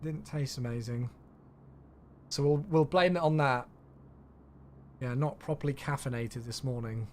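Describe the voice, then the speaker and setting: There's a little hiss or hum as a man with a medium-pitched voice talks unhurriedly, pausing often. He's streaming a flight sim, tired and yawning, chatting casually, reading chat out loud, and thanking subscribers.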